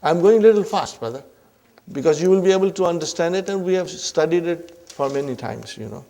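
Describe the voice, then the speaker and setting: A man's voice: fairly high pitch, expressive, a little fast, mellow. A man teaching Arabic grammar in a classroom lecture, who often checks in with his listeners and calls them brothers and sisters. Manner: repeats points, checks in often with "huh?" and "are you with me".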